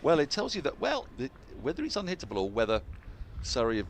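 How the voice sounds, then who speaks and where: Deep guy commentating cricket, lots of ups and downs, noisy background. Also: fast. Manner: chatty, laughs easily, animated. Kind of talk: radio-style cricket commentary.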